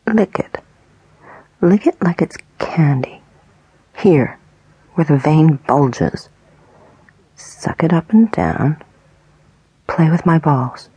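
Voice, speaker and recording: A woman voicing a cruel, menacing male attacker in a whispered role-play, husky and breathy, taunting and commanding. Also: low-pitched, animated, slow, long pauses, dark tone, no room sound, heavily acted, low-quality recording.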